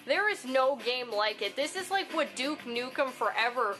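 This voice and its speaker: A woman's voice: high voice, animated, normal speed, bright, forceful tone, soft background music. A woman giving chatty, profane commentary while playing a video game. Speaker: gaming streamer. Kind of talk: casual let's-play commentary.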